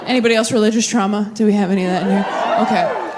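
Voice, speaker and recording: A young adult woman performing a stand-up comedy set, telling stories and acting out bits of dialogue with animated bursts. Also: mid-range voice, racing, over a noisy crowd, very noisy. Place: live comedy venue with audience.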